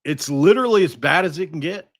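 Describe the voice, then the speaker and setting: A man hosting a sports podcast, talking casually and thinking out loud with frequent restarts. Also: a little high, lively intonation, quick pace, no room sound, studio quality. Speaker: podcast host.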